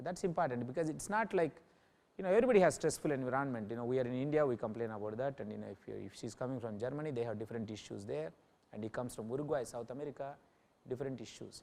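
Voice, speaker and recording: A man's voice: mid-range voice, vocal fry, darkish tone. A male yoga teacher giving an informal talk to a class, often checking in with listeners by asking "Okay?". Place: yoga center in New Delhi.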